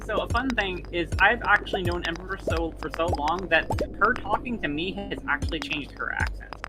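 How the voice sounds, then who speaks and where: A man's voice: high voice, brisk, over music, low-quality recording. American man with a slight British lilt. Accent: American with slight British influence. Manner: enthusiastic, repeats words when starting. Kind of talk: casual chat while gaming.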